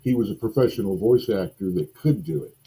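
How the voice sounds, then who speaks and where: Man, podcast co-host, dry matter-of-fact tone, lowish pitch, husky. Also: fairly quick, mellow, rough recording. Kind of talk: casual chat.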